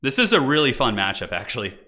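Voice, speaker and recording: A young man hosting a live game stream, chatting casually and excitably with viewers and often laughing. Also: medium pitch, quick pace. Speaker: streamer hosting multiplayer matches.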